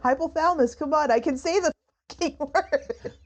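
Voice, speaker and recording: A woman's voice: high voice, moderate pace. A woman co-hosting a podcast in casual chat, laughing often. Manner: giggly, laughs a lot. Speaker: podcast co-host.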